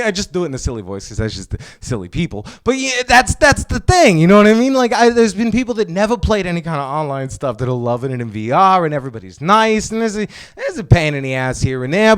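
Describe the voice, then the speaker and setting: A man hosting his own gaming vlog in casual chat to camera, excitable and rambling, swearing casually as he talks. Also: high voice, clean tone. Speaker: gaming vlogger host.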